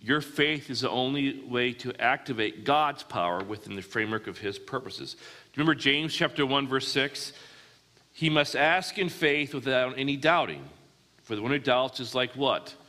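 Bright-voiced preacher in a reverberant hall. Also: male voice, mid-range voice, normal speed. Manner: asks the audience questions and answers them. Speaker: pastor. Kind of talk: sermon.

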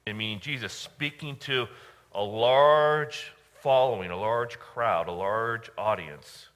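Emphatic preacher, bright-voiced man. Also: on the low side. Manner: emphatic, with dramatic pauses and repetition. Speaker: pastor. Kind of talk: sermon. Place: church.

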